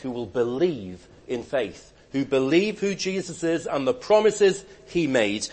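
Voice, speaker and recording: Emphatic husky-voiced male preacher. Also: mid-range voice, very animated, measured pace, hardly any pauses. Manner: emphatic, wide swings between loud declarations and hushed asides. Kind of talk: sermon.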